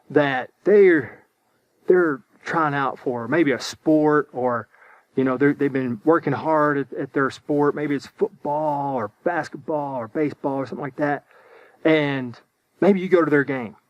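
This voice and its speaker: Male children's church teacher, a bit high-pitched, upbeat and simple, close dry sound. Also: no room sound, dull audio. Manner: upbeat, speaks slowly and simply to kids, repeats words.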